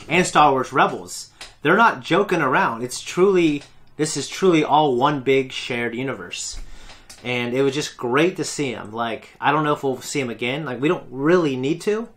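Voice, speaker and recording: Man, reaction host, casual fan commentary, rambling, enthusiastic, mid-pitched. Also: fairly bright tone. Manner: rambling, enthusiastic, self-correcting.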